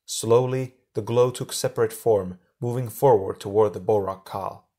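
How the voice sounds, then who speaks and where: A man narrating an audiobook chapter in a steady storytelling manner. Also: on the low side, moderate pace. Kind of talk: scripted narration.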